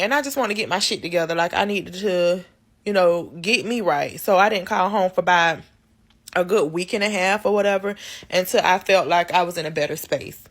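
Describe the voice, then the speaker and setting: A woman's voice: on the low side, fairly bright tone. A woman vlogger telling her life story in a casual storytime, speaking candidly and directly to her viewers. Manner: candid, talks straight to viewers; loose and conversational, many fillers.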